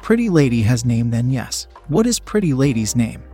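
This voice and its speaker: A man's voice: mid-range voice, sing-song, normal speed, warm tone, faint music behind. A man voicing a small, strong male creature who speaks in simple, broken phrases. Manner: simple broken speech, speaks of others in third person.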